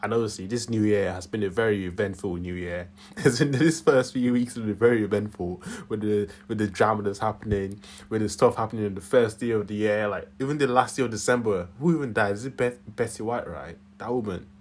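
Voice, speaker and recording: A man's voice: lowish voice, fairly quick, few pauses, darkish tone. A young man with a Yorkshire accent tinged with Nigerian, rambling through casual solo commentary from his room, chuckling often. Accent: Yorkshire English with a Nigerian tinge. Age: young adult. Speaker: channel host.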